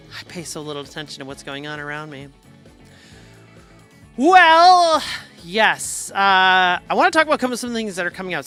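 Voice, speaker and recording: Woman streamer just yapping away, bright sharp voice, jokey and goofy, bit of music low in the back. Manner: rambling, jokey, quick to laugh at herself. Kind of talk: casual chat.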